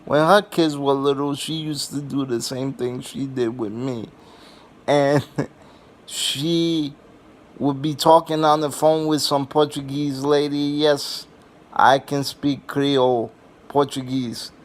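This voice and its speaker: Slow and mid-range with fairly even intonation, a young adult vlogger rambles through humorous family anecdotes. He swears a lot, restarts often and pads his sentences with "um" and "you know."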